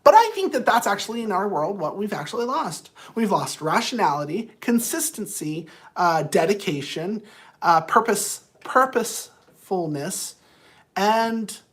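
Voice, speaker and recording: A man's voice: high voice, sing-song, unhurried, fairly bright tone. A man who counsels people, talking straight to viewers in a casual, rambling motivational monologue, earnest and blunt.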